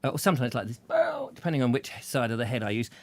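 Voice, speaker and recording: A man with a medium-pitched voice hosts a casual chat show, talking at a racing speed. He's chatty and jokey, rambling through anecdotes and slipping into put-on voices.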